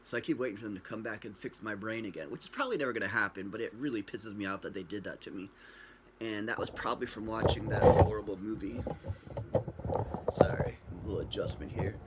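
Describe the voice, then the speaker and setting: Man, low voice, casual storytelling to camera, rambling and joking, built-in camera mic, faint hiss behind. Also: quick pace. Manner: rambling, joking, acts out quoted dialogue. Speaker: vlogger telling his own story. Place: at home, facing a screen camera.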